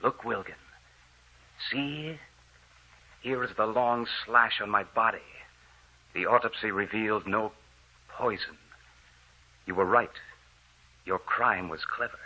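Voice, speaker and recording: Vengeful walking dead man, slow, menacing, bright edge, dull old radio sound. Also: fairly low pitch, husky, heavily acted. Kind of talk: 1940s radio drama acting.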